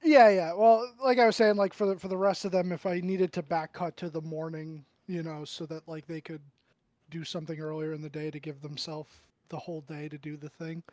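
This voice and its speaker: A man running a tabletop game as game master, narrating with many pauses and throat-clearing. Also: a little high, little pitch movement, a little mellow, dry recording. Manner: halting, full of ums and throat-clearing.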